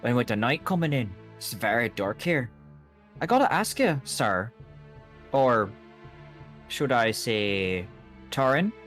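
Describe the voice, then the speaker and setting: A man voicing an imposing male traveling investigator who speaks in a gruff, blunt, street-slang way in a tabletop game. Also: medium pitch, very animated, slow pace, long pauses, a bit bright, soft background music, full character voice. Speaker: player.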